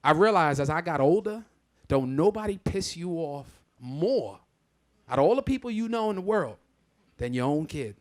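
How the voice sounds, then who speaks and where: A man doing a live stand-up comedy set on a theatre stage, telling stories in a loud, exclamatory, profane way. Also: on the high side, lively intonation, normal speed.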